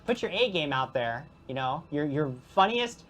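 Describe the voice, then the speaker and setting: A woman's voice: sits low, very animated, moderate pace, fairly bright tone. A woman hosting a streamed tabletop game, announcing giveaways in a playful, giggly promo style. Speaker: host and game master.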